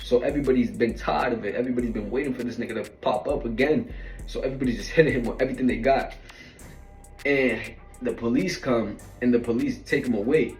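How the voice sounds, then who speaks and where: A man's voice: medium pitch, fast, darkish tone. A man casually telling stories in a slangy, rambling way, full of fillers and asides. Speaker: storyteller. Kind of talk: casual storytelling. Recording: roomy echo from a distant mic, faint music.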